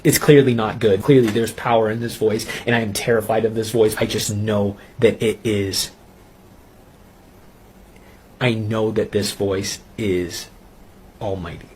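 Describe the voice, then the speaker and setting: A man telling his personal faith testimony in an earnest, intense way, pausing and restarting as he recounts it. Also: on the low side, fairly even intonation, darkish tone, a little hiss or hum. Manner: earnest, intense storytelling with halting pauses. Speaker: testimony speaker.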